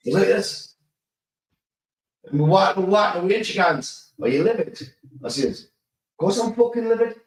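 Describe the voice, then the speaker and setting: A man co-hosting a casual football podcast, telling animated stories, laughing and swearing often. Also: high-pitched, normal speed, pauses often. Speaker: podcast co-host. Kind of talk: casual chat. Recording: roomy sound, mic at a distance.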